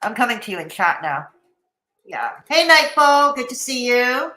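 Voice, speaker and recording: A woman's voice: a little high, big pitch swings, moderate pace, sharp tone. A woman streaming live, reacting to a video with sarcastic commentary, laughing often and chatting with her viewers. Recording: roomy echoey room.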